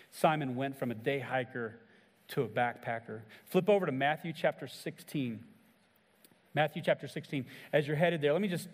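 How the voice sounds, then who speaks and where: A man preaching a sermon as a pastor, earnest, acting out quoted lines with rises and drops in voice. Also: big-room sound. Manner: earnest preaching, acts out quoted lines with shifts in pitch and volume.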